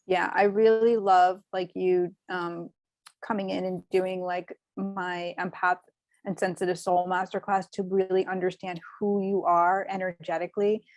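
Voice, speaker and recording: Gushing animated woman medium. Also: lowish voice, measured pace, no echo. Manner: animated, gushing, many fillers. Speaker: medium and show host. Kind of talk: spiritual reading, casual chat.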